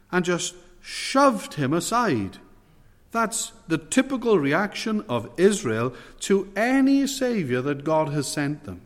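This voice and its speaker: A man's voice: high-pitched, big pitch swings, slow pace. Emphatic male preacher in a reverberant hall. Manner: emphatic, rising and dropping for stress, quotes scripture. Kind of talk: expository sermon.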